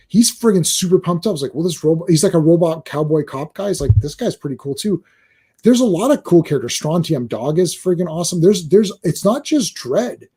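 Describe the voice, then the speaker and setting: A man hosting a casual livestream chat, excitable and rambling, with lots of restarts and "like". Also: high voice, husky. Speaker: host.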